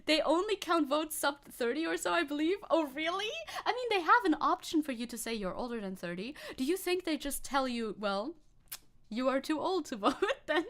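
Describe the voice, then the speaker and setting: A woman's voice: high voice, expressive, moderate pace, fairly bright tone. A woman chatting casually on a live stream, playful and giggly, reading chat aloud.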